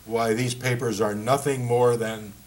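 A man's voice: medium pitch, steady tone, measured pace, a little mellow, lightly acted. A man reading the lines of a big, blunt German dock worker who demands payment. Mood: blunt, demanding.

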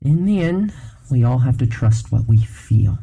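A man's voice: mid-range voice, lively intonation, measured pace, creaky, mellow, husky, heavily acted. A man reading aloud and voicing a cheerful, cryptic old man who talks in a gleeful, playful way. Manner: gleeful, chuckling.

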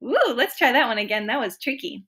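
A woman music teacher giving a slow, encouraging online lesson to young children. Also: on the high side, big pitch swings, sharp tone, slightly rough. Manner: slow, encouraging, sings vocal slides on ooh.

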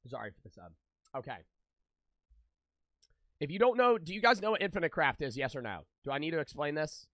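Brisk and animated, this young streamer jokes and swears freely in casual chat with his viewers. His voice is a little high and a bit bright, with no audible room.

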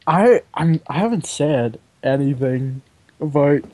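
A man's voice: a little high, animated, takes it slowly, a little mellow, slight background noise. A young man chatting with a friend over a game, jokey and giggly, often apologizing for his teasing. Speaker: friend playing along on voice chat. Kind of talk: casual gaming chat.

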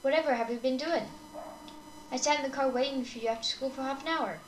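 A woman's voice: high-pitched, fast talker, distant mic, a little hiss or hum, close to an everyday voice. A woman reading the lines of a kind, worried goat mother from a game. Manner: reading game dialogue aloud in a near-normal voice. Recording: echoey room with game music.

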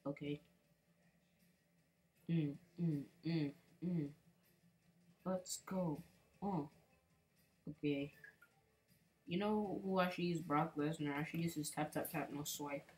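Rambling low-voiced woman gamer. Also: steady tone, takes it slowly, pauses often, a little mellow. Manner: rambling, mumbles and hums to herself, repeats words. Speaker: gaming channel host. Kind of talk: casual gameplay commentary.

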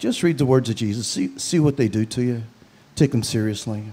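Northern irish guy doing a funny eulogy, dark mellow voice, dry jokes. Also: medium pitch, a little fast, breathy edge. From Belfast, Northern Ireland. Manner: storytelling with dry humor. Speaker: funeral speaker.

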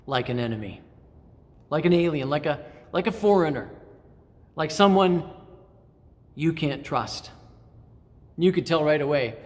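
Middle-aged male pastor, fairly high voice; measured, reflective sermon delivery with restarts, long church reverb.

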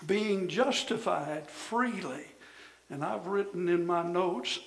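Older man, pastor, emphatic sermon delivery, surges loud then drops low, echoey sanctuary sound. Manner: emphatic preaching, rising to shouts then dropping low. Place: church.

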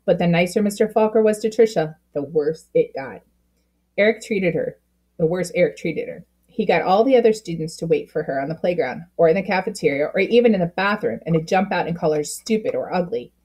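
A woman reading a children's book aloud with expressive storytelling, slowing down at key moments. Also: lowish voice, slightly rough. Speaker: storybook reader.

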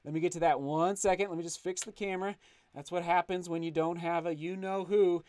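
Excitable man thanking livestream viewers. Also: sits high, a little fast, no echo. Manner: excitable, effusive thanks, frequent restarts. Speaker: channel host reading live chat. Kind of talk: casual livestream chat.

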